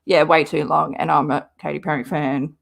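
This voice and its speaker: This Australian livestream host has a deep, creaky voice with a steady tone and normal speed. She rambles in casual conversation, replying to comments from the people watching live.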